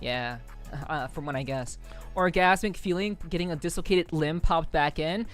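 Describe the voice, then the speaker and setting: A woman streamer with a low voice chats casually with viewers at a moderate pace, with faint music in the background. She rambles, swears freely, and laughs often throughout the livestream.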